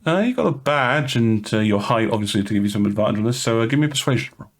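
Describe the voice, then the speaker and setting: A man's voice: medium pitch, lively intonation, quick pace. A man running a tabletop game as game master, often stammering and repeating words as he narrates and calls for rolls.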